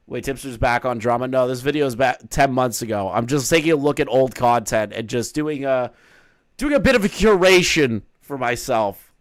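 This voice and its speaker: A man's voice: mid-range voice, normal speed, no room sound. Brief: man, live-stream reactor, blunt and mocking, dry close mic. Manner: sarcastic, swings loud and animated; crude, blunt.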